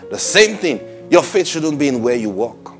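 A man's voice: sing-song, normal speed, fairly bright tone, soft background music. Laughing, emphatic preacher man. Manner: emphatic, laughs often, acts out quotes in a muttering low voice. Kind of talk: sermon.

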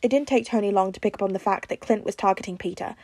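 A woman's voice: medium pitch, quick pace, husky, dry recording. Woman reading a story in a dry room. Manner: even, storytelling narration. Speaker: podfic reader. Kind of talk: fan fiction read aloud.

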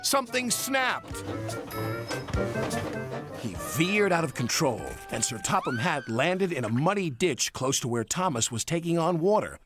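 A man reading a storybook tale aloud as narrator, with expressive delivery. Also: mid-range voice.

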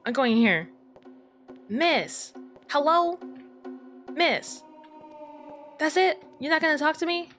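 A woman's voice: high voice, expressive, slow pace, long pauses, fairly bright tone, soft background music. A young woman giving jumpy, chatty commentary while playing a horror game, talking to herself and laughing at the scares. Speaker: gaming YouTuber.

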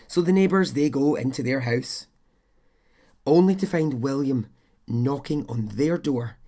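A male podcast host with a mid-range, slightly dark voice recounts a true-crime story. He's chatty and blunt, swearing freely and tossing in his own asides.

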